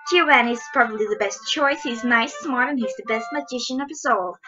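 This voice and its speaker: A woman's voice: on the high side, a little fast, highs cut off, music in the background, natural voice. A woman voicing a breezy 1920s girl singer. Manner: breezy, uses old-time slang.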